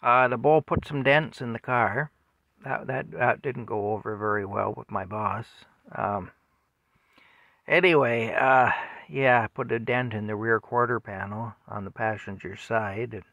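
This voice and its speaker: A man's voice: mid-range voice, unhurried, fairly bright tone, dry recording, muffled recording. A man casually telling a rambling story at home, with chuckles and fillers. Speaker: vlogger telling stories.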